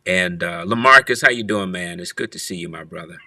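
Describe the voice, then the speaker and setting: Hosting a church livestream from his office, a man welcomes viewers individually and teases them playfully, often repeating phrases. His voice sits low and sounds bright and forceful, moving fairly quickly with no room sound.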